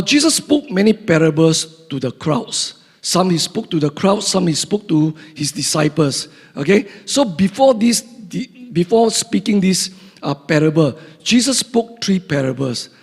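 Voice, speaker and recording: A man preaching in a church sanctuary, his somewhat high voice husky and a little breathy. He reads scripture slowly and deliberately, then explains it with frequent fillers. The sound rings out with the long reverb of a big hall. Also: a little mellow. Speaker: pastor. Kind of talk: sermon with scripture reading.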